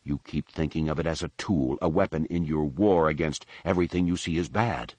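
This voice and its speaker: A man voicing a young Jedi older brother who lectures quietly and sarcastically. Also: extremely low pitch, fairly quick, no echo. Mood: lecturing.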